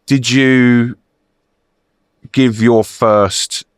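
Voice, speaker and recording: A man hosting a podcast, asking casual, slightly halting questions. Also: mid-range voice, fairly even intonation, smooth, no echo, clean studio sound. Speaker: podcast host.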